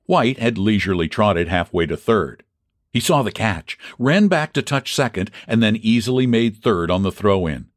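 Man reading a story with lively expression. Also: lowish voice, moderate pace, no echo, studio quality. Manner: expressive reading, shouting out the fans' cries. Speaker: audiobook narrator. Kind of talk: scripted narration of a classic baseball story.

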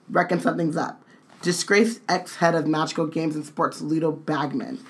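A woman's voice: low-pitched, fairly even intonation, moderate pace. A woman co-hosting a casual read-along stream, reading book dialogue with playful jokes and asides.

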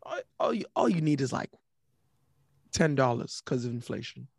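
A man chatting casually on a podcast, animated, restarting and repeating words as he talks. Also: medium pitch, normal speed, creaky, breathy edge, no echo. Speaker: podcast co-host. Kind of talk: casual chat.

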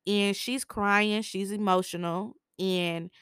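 A woman talks through a TV episode in a casual, slangy recap. She is opinionated and often laughs. Her voice sits at a middle pitch in a dry, close recording. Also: steady tone, slow, a bit bright, smooth, dry recording. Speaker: TV recap podcaster.

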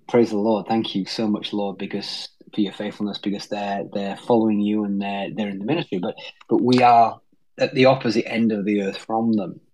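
A man's voice: on the low side, darkish tone, poor audio. A man in his fifties with a British accent, a pastor speaking hesitantly in a conversational interview with many restarts. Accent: British English. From England. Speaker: staff pastor.

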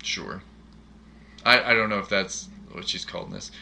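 A man's voice: low voice, very animated, normal speed, vocal fry, sharp tone, a little hiss or hum. A man co-hosting a casual movie chat, asking eager, jokey questions. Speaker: podcast co-host.

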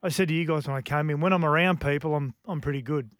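A man, co-hosting a radio show, speaking in an emotional, reflective way with many halting restarts. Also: fairly high pitch, no echo, studio quality. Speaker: radio co-host. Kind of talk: casual radio chat.

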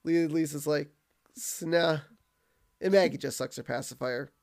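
A man co-hosting a podcast, recapping a cartoon episode in casual chat, laughing often and dropping into quick character voices. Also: fairly high pitch, creaky, a little mellow. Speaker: podcast co-host.

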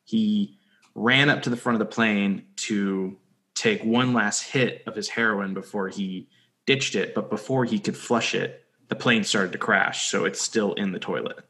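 A man's voice: lowish voice, fairly even intonation, a little slow, sharp tone. A young man co-hosting a podcast, recapping a TV episode in a jokey, rambling way with lots of fillers. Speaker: podcast co-host. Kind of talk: casual chat recapping a TV episode.

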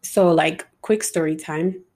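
A woman's voice: deep voice, slow pace, darkish tone. A young woman hosting a podcast, talking in a rambling, casual way full of "like" and "um" fillers, with some swearing. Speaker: podcast host. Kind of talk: casual spiritual podcast monologue.

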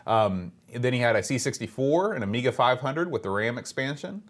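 A man's voice: mid-range voice, lively intonation, a little fast. A man co-hosting a podcast, chatting casually and reading listener emails aloud with easy filler words. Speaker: podcast co-host.

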